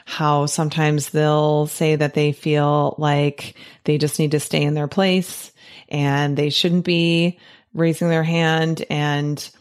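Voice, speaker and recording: A middle-aged woman life coach reading a picture book aloud and reflecting on it, enthusiastic and emphatic, often checking in with "right?". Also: low voice. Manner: enthusiastic and emphatic, tag questions.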